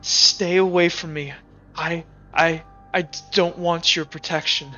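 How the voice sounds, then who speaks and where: A man voicing a terrified, cornered young woman in a tabletop game, speaking slowly and hushed with fear. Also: on the high side, little pitch movement, lo-fi sound, crowd noise, natural voice. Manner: slow, fearful, hushed delivery.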